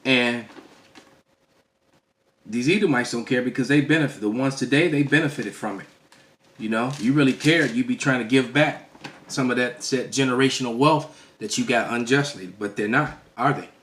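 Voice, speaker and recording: Brief: a religious teacher in an emphatic, preachy lecture; a man with a middle-pitched voice who checks in with "all right?" and restarts phrases. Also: normal speed, a bit bright, a little hiss or hum. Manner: restarts and stammers mid-phrase.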